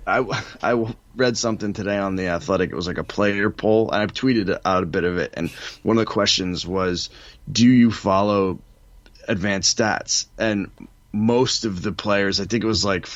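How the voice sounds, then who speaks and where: Very deep voiced guy ranting blunt on a sports podcast, dull dry lo-fi audio. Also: normal speed, no room sound. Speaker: podcast co-host. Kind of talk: casual sports chat.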